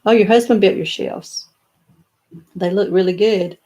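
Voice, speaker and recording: A woman's voice: mid-range voice, fairly even intonation, a little slow, dark tone. An older woman, chatting casually on a live stream and answering viewer comments, rambling a little with lots of fillers and restarts. She is in a home office lined with doll showcases.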